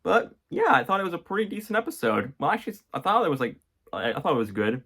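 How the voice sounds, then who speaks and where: A man's voice: on the high side, huge pitch swings, fast, fairly bright tone, breathy edge. A man talking casually about cartoon episodes he watched, rambling and joking with lots of fillers. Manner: rambling, jokey, many fillers. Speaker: vlogger reviewing a cartoon series.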